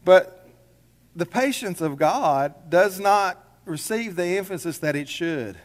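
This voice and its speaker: Folksy high-voiced male pastor preaching. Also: lively intonation, slow, long reverb tail. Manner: folksy, conversational preaching with rhetorical questions. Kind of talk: sermon. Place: church sanctuary.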